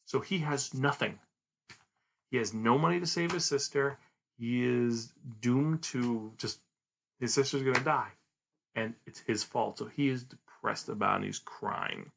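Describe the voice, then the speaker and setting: Brief: male podcast host, mid pitch, gravelly, chatty plot recap. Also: measured pace, fairly bright tone, a little hiss or hum. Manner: chatty, retells plot animatedly. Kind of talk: manga review, casual storytelling.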